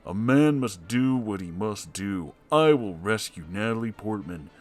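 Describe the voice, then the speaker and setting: A man voicing a macho male cartoon cat hero in a low, deadpan tough-guy voice. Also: unhurried. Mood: gruff.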